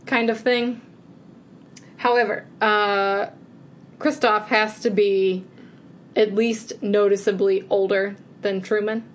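A woman co-hosting a podcast, chatting casually with a mid-range voice. She talks in quick bursts, full of fillers and restarts. A faint hiss sits under her voice. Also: mid-range voice, flat delivery. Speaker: podcast co-host. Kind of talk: casual chat.

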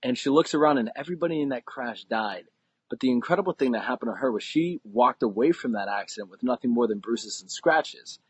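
A man's voice: medium pitch, animated, a little fast, breathy edge, no room sound, highs cut off. A man on a podcast, telling a personal story in an earnest, conversational way that builds suspense. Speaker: podcast guest.

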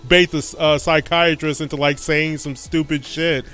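A man's voice: a little high, little pitch movement, moderate pace, fairly bright tone. A man co-hosting a casual chat podcast, sarcastic and profane, rambling with lots of fillers. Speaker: podcast co-host.

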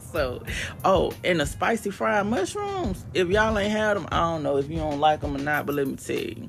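Podcast host, woman, gravelly, casual and emphatic monologue. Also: low voice, normal speed, soft background music. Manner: chatty and emphatic, with animated bursts.

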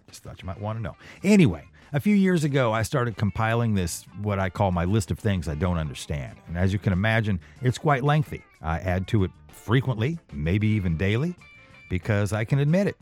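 Male podcast host, forties, low and lively, self-deprecating rambler. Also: brisk, faint music behind. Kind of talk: casual monologue.

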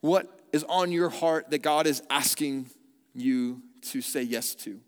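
Animated pastor preaching in a reverberant church. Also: male voice, mid-range voice. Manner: animated storytelling, hushed and slow when praying. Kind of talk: sermon with storytelling and prayer. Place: church auditorium. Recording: long hall reverb.

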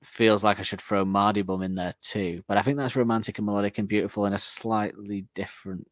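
Male podcast co-host, low voice, rambling and self-deprecating, laughs a lot, dry close mic. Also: level tone, a little fast, no room sound. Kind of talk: casual music podcast chat.

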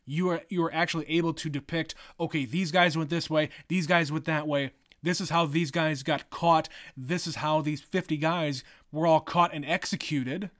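A man's voice: fairly high pitch, fairly even intonation, normal speed, hardly any pauses, fairly bright tone. Rambling man recapping a movie. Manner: talks in long run-on recaps, many fillers, swears casually. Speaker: podcast co-host. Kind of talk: casual movie review chat.

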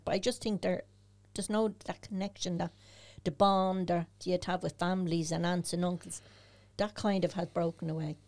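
An older woman from Dublin, Ireland, appears as a guest in a casual podcast conversation, speaking frankly and telling her stories with animation. Her voice is fairly low in pitch with a darkish tone.

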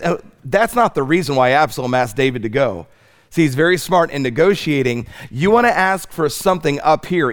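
A man preaching a sermon as pastor, swinging from loud stretched emphasis to soft pleading. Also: a little high. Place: church sanctuary.

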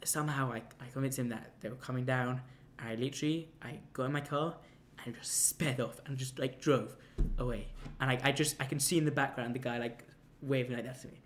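A young man rambling through a personal story, stumbling over restarts and piling on fillers. His voice sits at an ordinary mid pitch, and a faint ambient hum lingers under the recording. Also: steady tone, a little fast, hardly any pauses. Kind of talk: casual anecdote telling.

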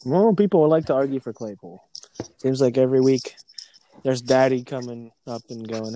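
A man's voice: mid-range voice, moderate pace, dark tone, a little hiss or hum. A man on a casual podcast, boasting about his team with swearing and easy laughter. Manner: cocky, swears, laughs easily. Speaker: podcast co-host.

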